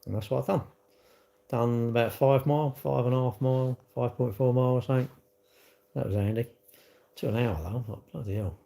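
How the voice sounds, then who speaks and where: A man's voice: medium pitch, fairly even intonation, fairly quick, vocal fry, pauses often, mellow. Rambling, blunt man chatting live. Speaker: live-stream host. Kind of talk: casual live-stream chat, reading viewer comments.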